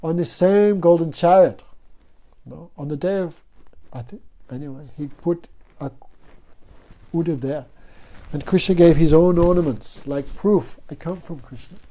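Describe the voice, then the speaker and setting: Unhurried and dark-toned, this man's voice is on the high side and leaves long pauses. He teaches a devotional class through stories, often turning to the audience with "no?".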